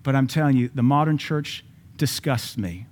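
A man preaching a sermon in a voice of middle pitch. He drops to quiet, quick asides, then builds to loud, high peaks. Scripture comes out slow and stressed. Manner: reads scripture slowly with emphasis. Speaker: pastor.

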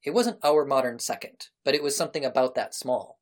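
A woman's voice: extremely low pitch, lively intonation, a little fast. A woman running a tabletop role-playing game, describing scenes and explaining details at a leisurely pace. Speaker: game master.

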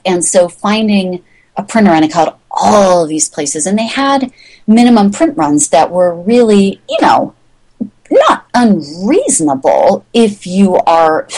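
A woman's voice: a little mellow, rough recording. Chatty woman acting out her own story. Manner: chatty, rambling, acts out quoted voices with big pitch jumps. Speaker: magazine founder, guest. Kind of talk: casual interview storytelling.

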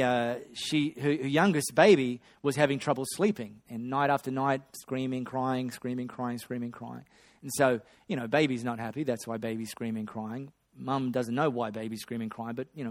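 A man preaching a sermon, swinging between loud excitement and hushed storytelling. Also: mid-range voice. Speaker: pastor.

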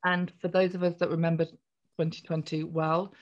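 A woman, a podcast guest chatting through a personal story in a jolly, animated way. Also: lowish voice, normal speed, muffled recording. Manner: chatty, jolly, acts out voices in quoted speech.

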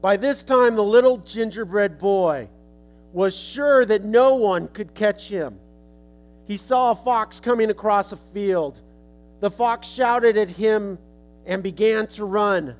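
A man's voice: high voice, unhurried. A male preacher telling a children's story as a sermon illustration in a casual, folksy way.

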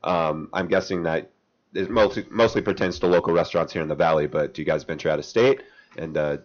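A man's voice: low-pitched, fairly even intonation, fairly quick. A man hosting a casual podcast interview, asking guests questions in an easygoing way. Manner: easygoing, asks questions, laughs along. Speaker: podcast host. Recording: dull lo-fi podcast audio.

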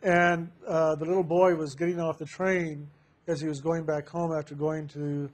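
A man telling a personal spiritual testimony to a group, halting with many fillers and restarts and laughing often. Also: a little high, little pitch movement. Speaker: member sharing with a spiritual group.

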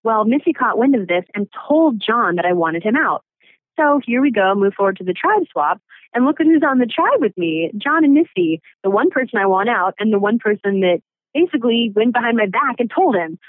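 A woman's voice: a little high, expressive, brisk, dry recording. A woman guest on a phone interview, talking bluntly and sarcastically with plenty of exasperation. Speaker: voted-out contestant guest. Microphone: telephone. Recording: tinny phone line.

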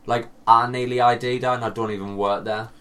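A man's voice: mid-range voice, level tone, a little fast, fairly bright tone. A young man with a North East English accent, co-hosting a podcast with dry, teasing banter. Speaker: podcast co-host. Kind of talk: casual chat.

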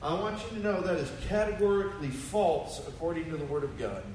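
A high-pitched male pastor delivers an emphatic sermon, pressing his congregation with rhetorical questions. He is picked up from some distance in a roomy, echoing church, with a faint hum of ambience behind him. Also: expressive, fairly quick, a little mellow. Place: church sanctuary.

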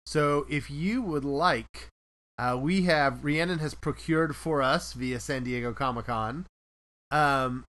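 A man's voice: medium pitch, slow pace, a bit bright. A man hosting a podcast, chatting casually and rambling a little as he laughs at himself. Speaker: podcast host.

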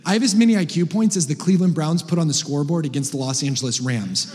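A man preaches with a high, bright voice, cracking jokes and rising to shouts. His words ring out with a long reverb across a large church hall. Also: quick pace. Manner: joking, animated, builds to shouts. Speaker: guest preacher. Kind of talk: energetic sermon.

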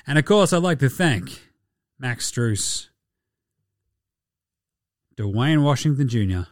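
A young Australian man hosting a casual solo sports podcast, sweary and laughing through animated asides. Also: medium pitch, slow pace, no echo, clean studio sound. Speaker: podcast host.

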